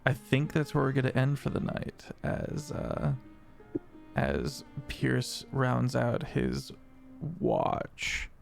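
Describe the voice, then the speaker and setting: A man runs a tabletop game as dungeon master, narrating in a relaxed, easy way. His voice has a gravelly edge, with faint music playing underneath. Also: mid-range voice, slow.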